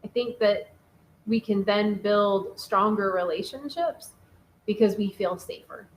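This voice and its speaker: A woman co-hosting a casual relationship talk show, chatty and animated, reading out listener comments. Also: mid-range voice, unhurried, slight background noise, rough recording. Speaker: podcast co-host.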